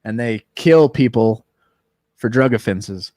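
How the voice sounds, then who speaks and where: A man's voice: mid-range voice, animated, takes it slowly, warm tone, no room sound. A man hosting a recovery livestream in casual chat, laid-back and joking as he thanks viewers and shares news. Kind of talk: casual live-stream chat.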